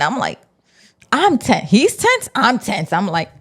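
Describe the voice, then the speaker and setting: Animated, slangy woman recapping an episode. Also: a little high, unhurried, slightly rough. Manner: animated, slangy, acts out her own reactions. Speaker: show recap host. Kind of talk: casual episode recap and reaction.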